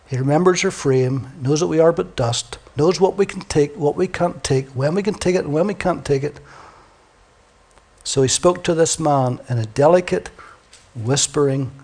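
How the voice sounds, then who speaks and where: A man preaching a sermon, reading scripture dramatically and swinging from booming declarations to hushed near-whispers. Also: normal speed, slightly rough. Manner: reads scripture aloud dramatically.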